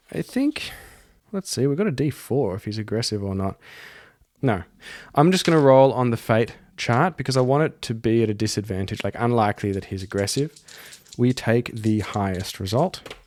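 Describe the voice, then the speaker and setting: A man's voice: medium pitch, darkish tone. A man hosting a podcast, narrating a solo tabletop game and thinking aloud as he rolls dice. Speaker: podcast host and solo player.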